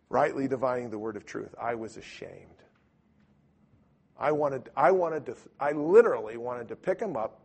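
A man teaching in a sermon style, telling a lively story and acting out voices, with loud bursts. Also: mid-range voice, creaky, breathy edge. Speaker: preacher.

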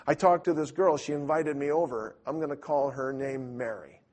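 A man's voice: a little high, fairly even intonation, normal speed, darkish tone. A man giving an informal church teaching, telling stories with frequent restarts and self-deprecating asides.

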